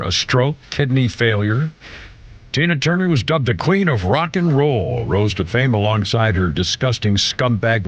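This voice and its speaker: A man hosting a live radio talk show, rambling and irreverent with blunt asides. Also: mid-range voice. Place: radio studio.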